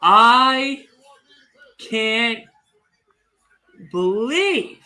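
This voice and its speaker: A young man hosting a casual wrestling podcast watch-along, telling stories excitably, swearing freely and teasing the chat. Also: extremely high pitch, very slow, soft background music. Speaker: podcast host.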